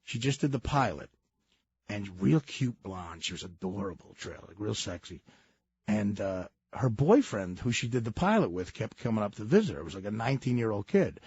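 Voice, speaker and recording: Raspy, animated man telling stories. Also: fairly low pitch, brisk. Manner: animated, laughing storyteller, full of fillers. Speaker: storyteller, guest. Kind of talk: casual anecdotes. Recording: dull lo-fi sound.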